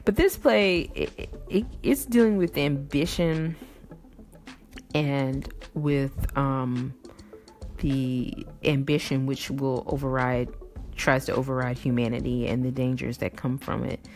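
A woman with a low, gravelly voice who reads plays aloud and then talks them over in a reflective, rambling manner. Faint music can be heard behind her. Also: steady tone, slow, a little mellow. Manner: reflective, with fillers. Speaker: play reader. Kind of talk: play reading and commentary.

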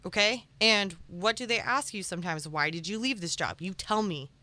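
A woman's voice: mid-range voice, normal speed. A woman in her twenties co-hosting a casual podcast chat, joking and repeating herself, hungover. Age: 20s. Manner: animated, repetitive, jokey. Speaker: podcast co-host.

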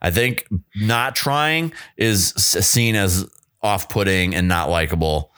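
A man co-hosting a podcast in casual chat, halting with many restarts and self-deprecating asides. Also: sits low, a bit bright, clear, resonant tone, no room sound, clean studio sound. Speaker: podcast co-host.

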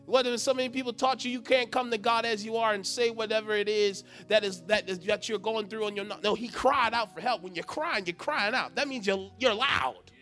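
A male preacher delivering an impassioned sermon in a very high, bright, forceful voice. He swings from ringing shouts down to hushed, quiet lines. Soft music plays faintly behind him. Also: fairly even intonation, a little fast, hardly any pauses.

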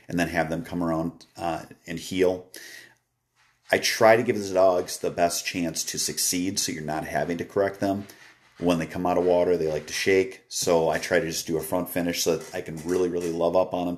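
A tired man from Wisconsin, hosting a casual live stream about dog training and answering viewer comments with lots of fillers. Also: sits low. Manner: relaxed and rambling, frequent "uh" fillers. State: tired, yawning.

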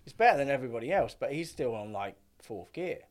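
A man's voice: mid-range voice, sing-song, quick pace. A middle-aged man telling stories as a podcast guest, rambling with lots of filler words and casual swearing. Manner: rambling, heavy filler use, swears freely. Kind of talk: casual storytelling chat.

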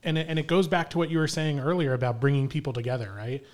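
A fast-talking male podcast co-host who reacts to his guest in a loose, casual way. His talk is full of filler words as he builds on his point. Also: a little high, steady tone, darkish tone. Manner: reflective, uses lots of "like" and "right". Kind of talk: casual chat.

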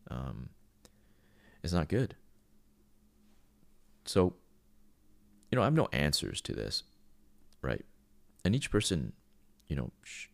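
A man's voice: low voice, creaky, dry recording. A man hosting a podcast, talking in an earnest, heartfelt, reflective monologue. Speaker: podcast host.

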